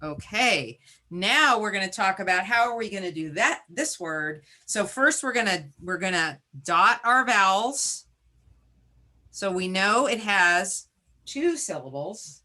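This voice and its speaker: A woman teacher presenting a webinar, modeling a phonics lesson as she sounds out syllables slowly and makes chatty asides and self-corrections. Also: medium pitch, expressive, bright, forceful tone. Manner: slow, deliberate sounding-out of syllables.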